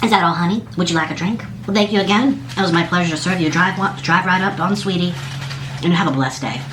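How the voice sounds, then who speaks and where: A man's voice: high voice, fast talker, noisy background, lightly acted. A sugary, sing-song drive-thru lady who calls everyone honey and sugar and wishes them a blessed day, as a man puts her on. The doting voice rings in a roomy, echoey room. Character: sweet, gushing female drive-thru worker.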